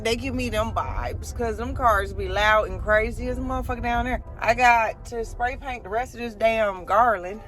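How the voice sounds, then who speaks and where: A woman vlogging on a phone, talking loud and profane as she calls her viewers y'all and honey. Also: fairly high pitch, normal speed, few pauses. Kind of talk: casual vlog chat. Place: in a car and around a store.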